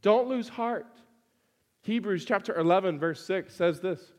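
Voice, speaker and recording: A man's voice: high voice, measured pace, a little mellow, long reverb tail. A man preaching a sermon to his congregation, emphatic and fond of repeating phrases for stress.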